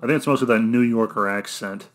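A young man from Arkansas with an Arkansan accent, rambling through a solo rant in a monotone, blunt and cynical, often correcting himself. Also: medium pitch, quick pace. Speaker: vlogger.

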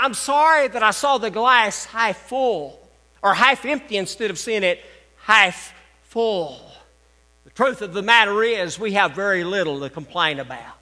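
An older man preaches from the pulpit in a homespun, teasing way, circling back to the same phrases. His voice sits high and sounds piercingly bright. A long reverb trails after him through the church. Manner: folksy, joking preaching with repeated phrases. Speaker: pastor. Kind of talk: sermon. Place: church sanctuary.

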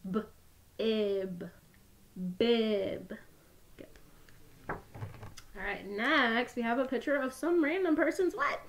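A young woman teaching a phonics lesson to young children, with an encouraging sing-song manner. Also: a little high.

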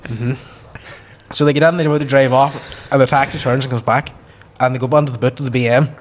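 A man's voice: mid-range voice, normal speed, slight background noise. Derry man spinning a wild yarn. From Derry, Northern Ireland. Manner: animated yarn-spinner acting out dialogue, swears freely. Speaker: podcast guest. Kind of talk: casual storytelling.

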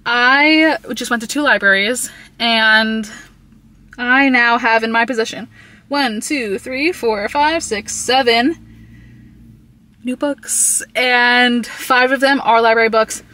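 A woman's voice: a little high, slow pace, sharp tone. A woman chatting casually and upbeat about her book haul in a vlog, rambling a little and a bit out of breath, talking from her car. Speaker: book vlogger.

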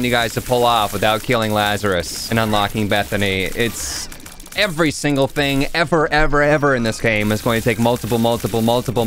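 A man hosting a gaming channel, giving chatty let's play commentary with sudden excited yelps. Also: lowish voice.

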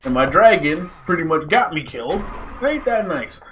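A young man giving casual gameplay commentary, yelping and shouting in panic, then muttering nervously between scares. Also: fairly high pitch, very animated, normal speed, a little hiss or hum. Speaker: gaming YouTuber.

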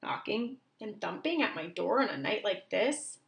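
A woman's voice: mid-range voice, very animated, moderate pace, gravelly. A woman voicing a fussy, easily startled male owl from a children's picture book, with an earnest storybook manner. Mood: puzzled.

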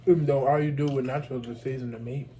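A man's voice: mid-range voice, fairly even intonation, quick pace, mellow, slight background noise. A man co-hosting a casual mukbang podcast, teasing and laughing often. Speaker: podcast co-host. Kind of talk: casual chat during a mukbang.

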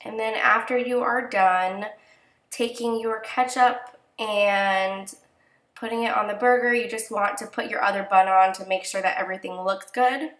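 A woman's voice: medium pitch, normal speed. Casting: young woman, nasal and stuffy from a cold, casual tutorial voice-over, echoey room. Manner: chatty, relaxed instructions with fillers. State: congested from a cold. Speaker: crafting tutorial host.

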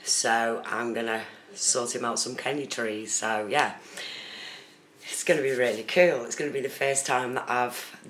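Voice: medium pitch, fairly even intonation, unhurried, fairly bright tone. A host chatting casually on a phone live stream, talking to viewers in the chat by name. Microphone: phone camera. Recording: roomy with faint background noise.

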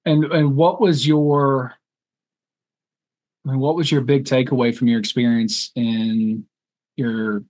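A male interview host who asks questions slowly and haltingly, restarting as he goes. His voice is mid-pitched and sounds dry and close, with no room echo. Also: fairly even intonation, a little mellow.

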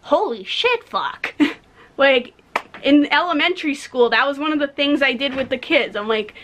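A woman's voice: sits high, normal speed, a little hiss or hum. A young woman in her twenties, a podcast co-host, ranting bluntly and with plenty of swearing in casual talk. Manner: blunt, profane, animated storytelling. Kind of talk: casual rant.

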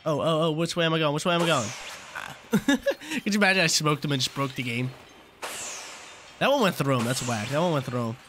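A man's voice: on the high side, fairly quick, background noise. Laid-back slangy young man gaming. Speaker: gaming channel host. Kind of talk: casual gameplay commentary.

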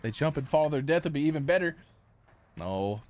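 A young man streaming a shooter game, giving live gameplay commentary with playful taunts and sudden excited yells. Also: fairly high pitch, moderate pace, slight background noise. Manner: excitable, taunting banter with bursts of yelling. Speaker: gaming streamer.

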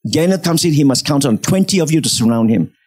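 Animated male pastor with a lively voice. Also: a little high, fast, no echo. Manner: animated storytelling, acts out the people in his story. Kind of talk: sermon. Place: church.

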